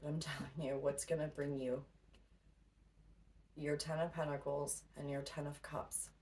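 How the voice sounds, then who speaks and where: A woman whose darkish voice sits low keeps a level tone at normal speed. As a tarot reader she gives a casual spiritual pep talk, laughing a lot, blunt and free with her swearing. A distant mic catches faint noise.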